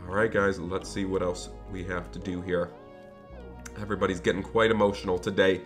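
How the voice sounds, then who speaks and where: A man's voice: low-pitched, little pitch movement, brisk, faint music behind. A man hosting a game role-play video, chatting upbeat and directly to his viewers. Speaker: gaming channel host.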